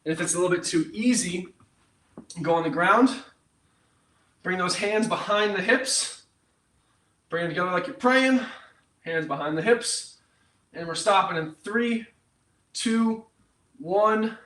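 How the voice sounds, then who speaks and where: Young man, fitness instructor, bright voice, echoey room, far from mic. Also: high-pitched, a little slow, long pauses. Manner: upbeat, jokey, counts down reps. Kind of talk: live workout class coaching.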